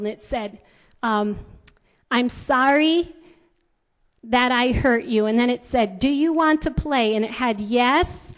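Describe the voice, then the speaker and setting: A woman in her fifties giving a talk on raising children, chatty, telling stories with many fillers and restarts. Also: high voice. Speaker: parenting speaker.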